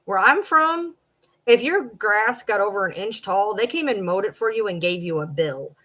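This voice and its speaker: A woman's voice: mid-range voice, expressive, normal speed, fairly bright tone, low-quality recording. Woman, Michigan accent, around forty, blunt, profane, chatty livestream talk. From Michigan, Detroit downriver area. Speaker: social media personality. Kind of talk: late-night livestream chat.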